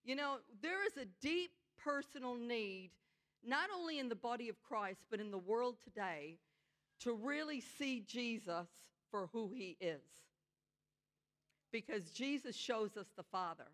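Earnest higher-voiced woman preaching. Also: animated, a bit bright. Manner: earnest, slows down to stress key phrases; conversational asides with frequent "you know". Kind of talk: sermon.

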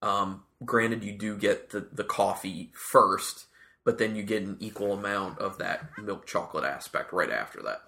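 Guy with a lowish bright voice, chatting casually about a beer, kinda thinking out loud. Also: normal speed, creaky. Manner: thoughtful, searches for words. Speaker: beer taster. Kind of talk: casual tasting chat.

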